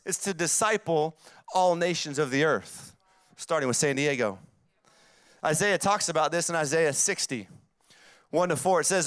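A man's voice: fairly high pitch, fairly bright tone, dry recording, clean studio sound. A man in his forties with a Southern accent, preaching a sermon with emphatic, repeated phrases that build up. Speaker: pastor.

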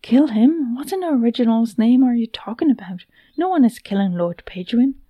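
A woman's voice: on the high side, lively intonation, a little fast, warm tone, no echo. A woman doing a pushy, teasing young woman. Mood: coaxing. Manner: chatty, talks over others, teasing.

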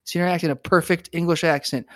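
A man's voice: on the high side, steady tone, quick pace, dry recording, clean studio sound. A man co-hosting a casual recap chat, rambling with lots of restarts and fillers. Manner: rambling, many restarts and "like" fillers, laughs often. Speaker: podcast co-host.

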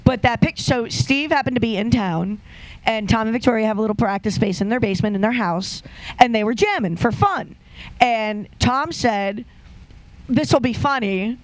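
A man's voice: high-pitched, normal speed, no room sound, poor audio. Rambling man telling a story. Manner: rambling storyteller with restarts and quoted asides. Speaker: radio show co-host. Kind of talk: casual chat.

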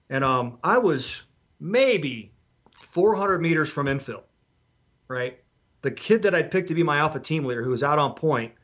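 A middle-aged man and former Special Forces instructor, telling blunt, profane war stories on a podcast. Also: a little high. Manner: blunt, profane, animated storyteller. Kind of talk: podcast storytelling.

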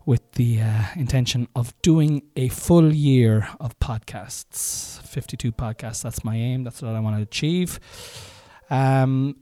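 A man's voice: medium pitch, slow, warm tone, no room sound. A middle-aged man hosting his own comedy podcast at home, talking in a rambling, self-mocking way full of fillers. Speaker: podcast host and stand-up comedian. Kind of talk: casual podcast chat and mic tests. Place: room at home.

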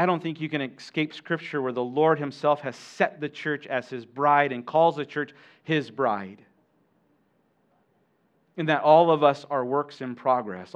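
A man's voice: medium pitch, clean tone, highs cut off. A man preaching a sermon as pastor, talking conversationally with asides to the congregation and frequent restarts.

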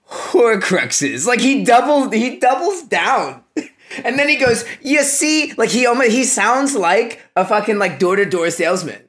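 A woman's voice: a little high, lively intonation, normal speed, a bit bright. A woman guest on a podcast, chatting casually, playful and laughing often.

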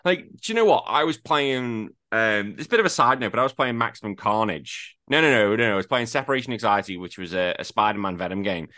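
A man's voice: on the low side, quick pace, few pauses, no echo, studio quality. A man hosting a casual gaming chat, ranting and swearing freely about an old game. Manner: swears freely, ranty and animated. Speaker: podcast host.

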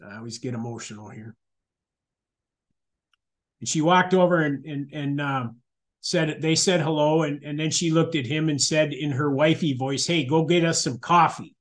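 A middle-aged man gives a personal testimony at a support meeting. His voice sits a little high for a man, and he talks in a candid, conversational way, circling back and restarting his sentences. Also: moderate pace, long pauses. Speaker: meeting speaker sharing recovery story.

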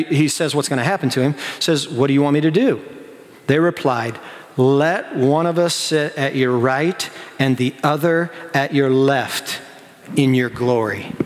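Animated pastor preaching in a reverberant hall. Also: male voice, a little high. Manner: animated, acts out the disciples in quick excited asides. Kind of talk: sermon.

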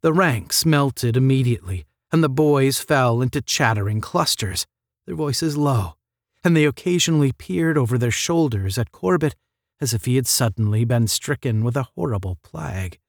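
A man reading a novel aloud in a measured, expressive narration. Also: medium pitch, no room sound, studio quality. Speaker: reader. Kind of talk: audiobook narration.

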